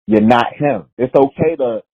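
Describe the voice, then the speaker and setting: A man's voice: mid-range voice, slow pace, husky. A man leaving a voicemail for a sports podcast, ranting casually and with emphasis, cursing and laughing. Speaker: voicemail caller. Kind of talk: casual rant. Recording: tinny phone line.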